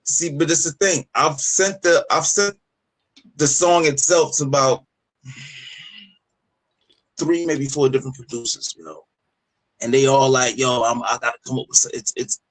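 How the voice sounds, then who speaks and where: A man co-hosting a music podcast in casual, profane, animated chat over a remote call. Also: mid-range voice, moderate pace, long pauses, low-quality recording. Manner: animated, profane, laughs a lot. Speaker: podcast co-host.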